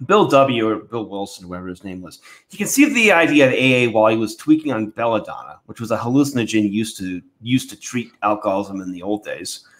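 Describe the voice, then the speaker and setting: A man's voice: lowish voice, lively intonation, brisk, few pauses, a bit bright. A man co-hosting a casual podcast, laying out facts in a dry, matter-of-fact way. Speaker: podcast co-host.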